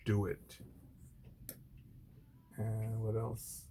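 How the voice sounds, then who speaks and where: A man's voice: level tone, measured pace, pauses often, mellow, a little hiss or hum. A man who is a former Marine, talking bluntly and profanely in an unscripted vlog monologue, with many restarts. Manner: mimics others in a high mocking voice.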